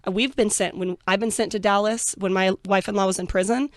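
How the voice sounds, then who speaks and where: A woman's voice: medium pitch, steady tone, brisk, no echo, studio quality. A woman guest in an interview, telling her own story in a blunt, frank way and acting out the people she quotes. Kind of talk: candid interview talk.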